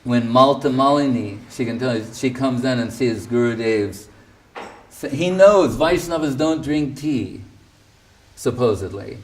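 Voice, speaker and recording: A spiritual teacher with a medium-pitched, darkish voice, captured on a distant mic, gives a storytelling lecture in a conversational manner. He poses many rhetorical questions and acts out the quotes he relays.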